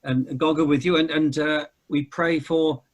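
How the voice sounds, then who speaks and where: A man, a cathedral dean, hosting a casual interview, speaking haltingly and repeating words as he goes. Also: a little high, steady tone. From not from Cornwall.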